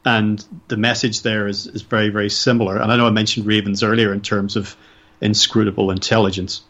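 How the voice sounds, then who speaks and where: Low-voiced host on dull audio. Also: male voice, level tone, a little fast, fairly bright tone. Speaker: podcast host. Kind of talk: interview questions and reflections.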